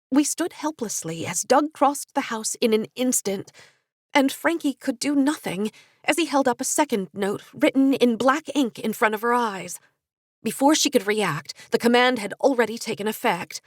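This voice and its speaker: A woman narrating an audiobook in an expressive, lively reading. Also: a little high, moderate pace, no room sound, studio quality. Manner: expressive, lively character voicing. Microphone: studio USB microphone.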